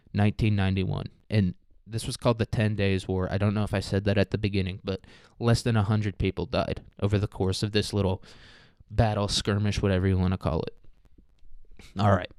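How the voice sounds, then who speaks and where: A young man with a low, smooth voice hosting a loose solo podcast. He rambles through his points, swears freely and drops joking asides. The sound is dry and close on the mic. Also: a little mellow, no room sound. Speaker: podcast host. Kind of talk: casual solo podcast monologue.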